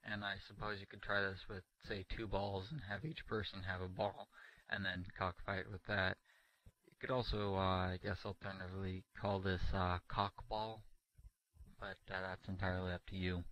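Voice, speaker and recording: Deep, flat-voiced male caller. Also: moderate pace, muffled recording. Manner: hesitant, many fillers. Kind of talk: voicemail description of a custom game.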